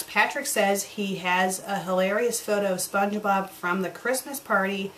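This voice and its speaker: A woman's voice: mid-range voice, fairly bright tone, slight background noise. A woman reviewing and reading fanfiction aloud, with sarcastic, exasperated asides.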